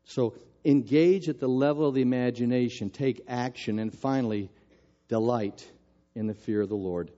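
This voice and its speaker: An older man preaching a sermon, telling a story in a lively, self-mocking way. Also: medium pitch, normal speed, highs cut off.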